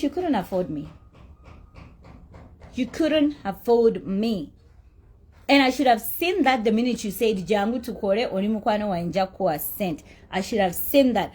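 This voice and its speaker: A woman's voice: medium pitch, a little mellow, breathy edge. A middle-aged woman telling her side of a dispute over an unpaid appearance, blunt, indignant and swearing freely. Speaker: celebrity recounting a dispute. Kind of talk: heated personal storytelling.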